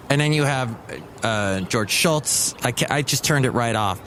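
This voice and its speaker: A man hosting his own solo podcast, rambling in a casual, excitable, grumpy joking manner. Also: mid-range voice, fairly quick, slight background noise. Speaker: podcast host.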